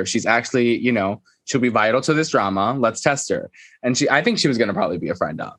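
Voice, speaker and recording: A man's voice: on the low side, expressive, quick pace, a bit bright, no echo. A man co-hosting a podcast, chatting casually about reality TV, swearing freely and quoting people in mock voices. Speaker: podcast co-host. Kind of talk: casual chat, reality TV recap.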